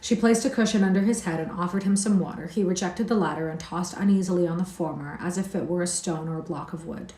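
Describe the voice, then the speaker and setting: A woman reading a classic novel aloud on a livestream, steady with occasional slips, in an echoey room. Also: lowish voice, quick pace, few pauses. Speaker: audiobook reader.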